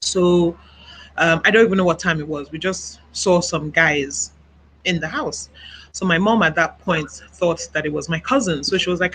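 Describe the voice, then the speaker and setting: A woman from Nigeria telling her personal story as an interview guest over a video call, speaking softly and haltingly with many pauses and fillers. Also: lowish voice, a little hiss or hum, low-quality recording. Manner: soft-spoken, halting, reflective, many "you know" fillers.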